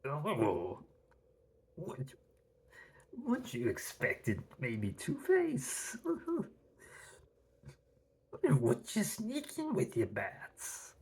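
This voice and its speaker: A man's voice: mid-range voice, wildly swooping pitch, extremely slow, long pauses, darkish tone, breathy edge, exaggerated voice. A man doing a gleeful cartoon villain. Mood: mocking. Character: impression of a gleeful, cackling male cartoon villain.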